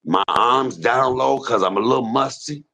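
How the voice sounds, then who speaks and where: Man in pain, husky and gravelly, emphatic casual preacher, AAVE, talking from a hospice room. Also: mid-range voice, moderate pace, bright, forceful tone.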